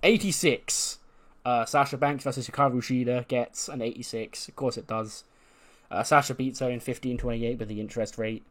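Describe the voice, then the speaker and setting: A man's voice: medium pitch, steady tone, moderate pace, fairly bright tone. A man, casually recapping events as a podcast host, swearing freely and retelling what characters said. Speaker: podcast host recapping a wrestling game playthrough. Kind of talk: casual chat.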